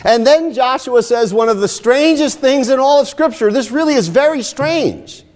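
A man preaching a sermon, telling stories and rising into emphatic, animated lines. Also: extremely high pitch, moderate pace. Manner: animated storytelling with emphatic rises. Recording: long hall reverb.

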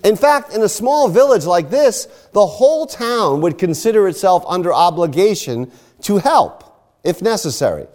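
Male preacher, expository sermon, animated rising and falling delivery, slightly high voice. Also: normal speed. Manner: expository, explains scripture step by step.

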